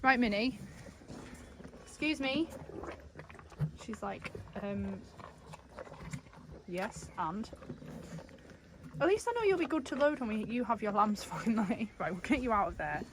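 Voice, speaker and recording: A woman's voice: fairly high pitch, very animated, unhurried, long pauses. A woman shepherd, chatting casually on her farm and cooing fondly at her sheep. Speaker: shepherd and farmer. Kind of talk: casual vlog narration on the farm. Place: outdoors on a farm among sheep. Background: sheep and faint outdoor noise.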